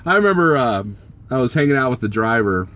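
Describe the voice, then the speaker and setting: A man's voice: mid-range voice, big pitch swings, fairly quick, fairly bright tone. A man vlogging as a truck driver, casually chatting and joking with his live-stream viewers and teasing them by name.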